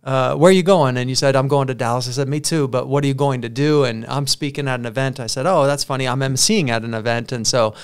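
A man's voice: medium pitch, fast talker, few pauses, clear, resonant tone. A young man hosting an insurance podcast, talking casually and animatedly, laughing and asking rambling questions. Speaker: podcast host. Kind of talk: casual interview chat.

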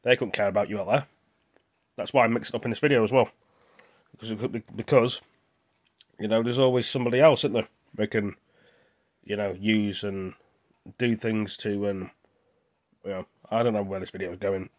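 A man's voice: on the low side, fairly even intonation, fairly quick, pauses often. A young British man talking with his mouth full, venting in a rambling, indignant casual vlog. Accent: British English. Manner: rambling and indignant, with restarts and repeated words. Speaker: vlogger.

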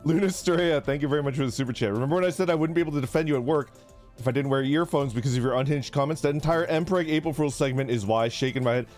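With faint music behind him, a man streams a casual morning chat in a medium-pitched, darkish voice, racing along as he tells a story. He laughs often, greets viewers, and reads chat names aloud.

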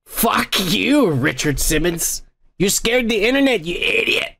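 A man's voice: sits high, lively intonation, measured pace, gravelly, bright, forceful tone. A man hosting a comedy podcast, ranting and swearing constantly in a crude, rambling way. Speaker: podcast host. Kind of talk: crude drunken comedy rant.

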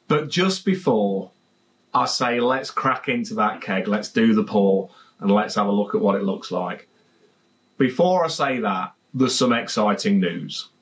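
A man's voice: lowish voice, lively intonation, unhurried. Chatty Leicestershire man reviewing beer. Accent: Leicestershire English. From England. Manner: chatty and jokey, repeats phrases. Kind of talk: casual vlog review. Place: home garden, outdoors.

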